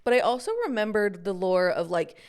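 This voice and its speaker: Woman podcast co-host, quick excitable storyteller, gasps a lot, clean smooth tone. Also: medium pitch. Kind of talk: casual chat, answering trivia.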